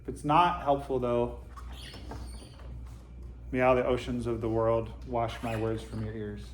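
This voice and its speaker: A man in a meditation hall gives a relaxed Dharma talk, his mid-range voice carrying a roomy echo. He speaks conversationally to his listeners and slips in dry, self-deprecating humor. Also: mid-range voice, unhurried. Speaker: Zen teacher giving a Dharma talk.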